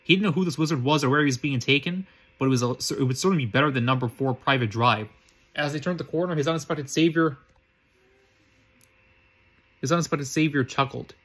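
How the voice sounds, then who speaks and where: A man's voice: medium pitch, fairly bright tone, husky. A man reading a fan story aloud, stumbling often and restarting words. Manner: halting, frequent restarts and slips. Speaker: reader.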